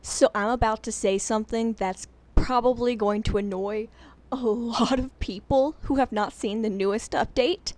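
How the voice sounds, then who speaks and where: A woman's voice: fairly high pitch, fairly even intonation, moderate pace, a little mellow. Rambling, giggly woman commentator. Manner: rambling, giggly, self-deprecating. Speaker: game lore commentator. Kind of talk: casual unscripted analysis.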